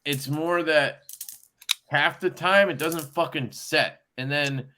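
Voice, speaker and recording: A man's voice: on the high side, slow, noisy background. A man hosting a casual podcast chat, rambling through stories in a loose way with plenty of swearing. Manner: loose, profane, rambling storytelling. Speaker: podcast host.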